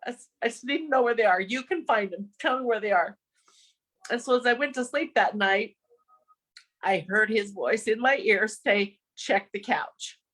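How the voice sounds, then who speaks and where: Woman guest on a podcast, fairly high voice, earnest and emotional, laughs through the sad parts. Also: normal speed, a bit bright. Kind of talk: personal storytelling.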